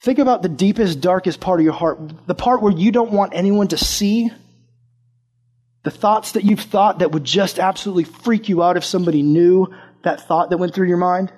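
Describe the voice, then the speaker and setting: Young male preacher, high voice, relaxed chatty delivery full of stories. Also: normal speed. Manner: casual, animated storytelling with acted-out quotes. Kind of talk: sermon with personal story.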